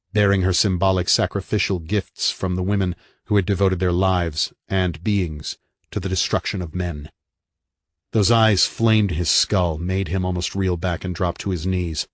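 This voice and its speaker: A man reading a horror novel aloud in a dramatic, measured narration. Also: deep voice, no echo, clean studio sound. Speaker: audiobook narrator.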